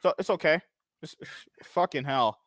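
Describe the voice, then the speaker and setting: A man's voice: fairly high pitch, normal speed, no echo, clean studio sound. A man in casual podcast chat, ranting and mocking with lots of swearing. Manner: animated, swearing, mocking rants.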